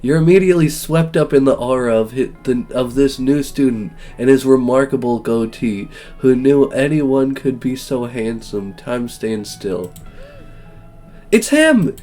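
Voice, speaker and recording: A man's voice: medium pitch, normal speed, hardly any pauses, mellow, faint music behind. A young man streaming a game, reading its text aloud with joking, gushing asides. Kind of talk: let's-play narration.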